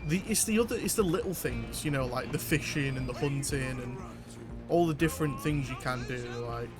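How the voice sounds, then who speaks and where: A man's voice: medium pitch, fairly quick, music in the background. A man in his twenties with a northern English accent from near Manchester, rambling casually to viewers while streaming a game. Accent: northern English, Mancunian with some Scouse. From England, near Manchester. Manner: rambling and chatty, many fillers and restarts. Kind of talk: casual gameplay chat with viewers.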